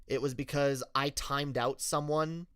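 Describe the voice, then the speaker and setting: A male streamer telling a story in a candid, halting way, often restarting his sentences. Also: mid-range voice, fairly even intonation, a bit bright, smooth, no echo, clean studio sound. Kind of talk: casual storytelling rant.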